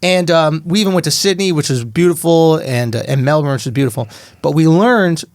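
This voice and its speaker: A man's voice: a little high, a little fast, dry recording. A man co-hosting a casual comedy podcast, telling loose, laughing stories full of swearing. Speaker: podcast co-host.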